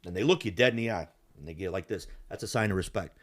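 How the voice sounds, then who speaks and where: A man's voice: sits low, fast. A man hosting a podcast, telling a casual, profane story and acting out the bar scenes as he goes. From Yugoslav family roots. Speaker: podcast host.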